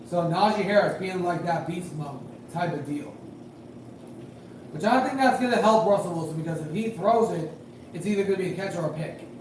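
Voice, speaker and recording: A man calling a game live in casual play-by-play, rambling and hedging with fillers, growing excited on big plays. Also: high voice. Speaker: amateur game commentator and high school official. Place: at home at night. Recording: very echoey room, distant mic, faint noise.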